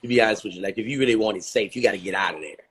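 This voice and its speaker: A man's voice: fairly low pitch, very fast, a bit bright, husky. A man, a comedian guest on a live-stream talk show, chatting casually in a playful, teasing way. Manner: playful, joking, teasing the audience. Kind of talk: casual interview chat.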